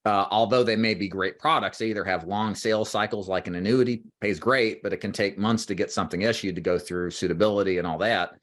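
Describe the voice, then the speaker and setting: A man's voice: lowish voice, steady tone, fast, few pauses, fairly bright tone. A man hosting an interview on a video call, explaining in long runs and speaking directly to viewers. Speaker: host and agency owner. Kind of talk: interview for a recruiting livestream.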